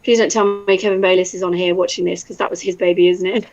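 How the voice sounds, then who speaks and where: A woman's voice: on the low side, little pitch movement, fast, darkish tone, muffled recording. An English woman in casual chat, talkative and laughing often, now and then swearing. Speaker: voice actor guest.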